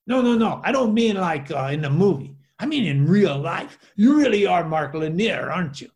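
A man voicing an eager, friendly male film extra who talks excitedly and insistently. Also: high voice, normal speed, voice pushed up.

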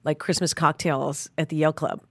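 A woman's voice: sits low, flat delivery, a little fast, a bit bright, no echo, studio quality. A woman co-hosting a casual podcast chat, teasing her friend and laughing a lot. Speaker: podcast co-host.

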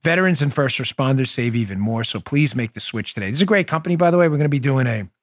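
A man's voice: medium pitch, expressive, quick pace, dry recording, studio quality. A man from New York hosting a political podcast, delivering a combative, sarcastic opinion monologue. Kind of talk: opinionated talk show monologue.

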